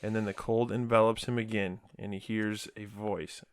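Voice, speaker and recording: A man's voice: on the low side, normal speed, clear, resonant tone, dry recording. Man casually recapping a story. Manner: laughs often, relaxed recapping. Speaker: podcast host. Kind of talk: casual chat, recapping a book.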